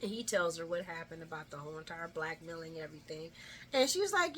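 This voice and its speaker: A woman's voice: low voice, expressive, quick pace, pushed and bright, slight background noise. A woman hosting a casual soap opera recap, chatty and familiar, retelling scenes and laughing along as she acts out the dialogue. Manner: addresses listeners familiarly. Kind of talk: casual daily show recap.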